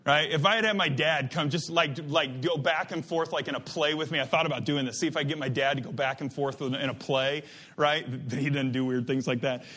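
A man preaching a sermon, animated and emphatic, drifting into asides and restarting his sentences. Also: a little high, fairly quick. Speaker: pastor.

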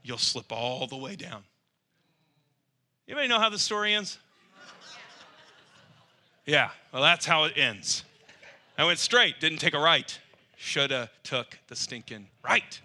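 A man preaching through a lively, self-mocking personal story. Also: fairly high pitch, measured pace, long pauses. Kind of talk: storytelling sermon.

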